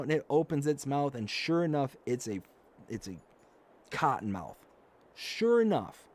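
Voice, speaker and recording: A male streamer tells a story in a casual, chatty way, his voice rising and falling widely. He acts out the quoted lines and stops to read viewer comments aloud. His pitch sits mid-range for a man. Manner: animated anecdote telling, acts out quotes, reads chat aloud. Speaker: live stream host.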